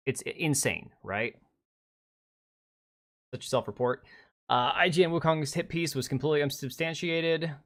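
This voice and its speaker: A man's voice: mid-range voice, a bit bright. A man streaming a reaction to a video, talking sarcastically, swearing and mocking the speaker in whiny quotes. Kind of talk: live stream reaction commentary.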